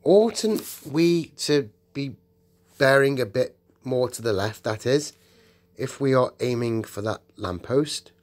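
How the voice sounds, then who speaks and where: A man's voice: mid-range voice, animated, slow pace, voice pushed up. A man reading an audiobook and voicing a sly younger schoolboy speaking tentatively.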